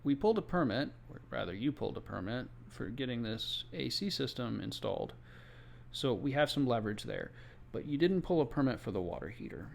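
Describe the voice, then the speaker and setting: A man's voice: medium pitch, big pitch swings, a little fast, vocal fry. A man who works as a home inspector, telling a story from his job in a casual, conversational way with exasperated asides. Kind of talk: casual first-person storytelling. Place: Florida.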